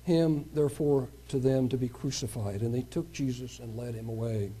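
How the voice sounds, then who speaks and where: A man's voice: medium pitch, fairly even intonation, moderate pace, dark tone, husky. A male preacher giving a sermon, reading a scripture passage aloud and stopping to comment on it in his own words.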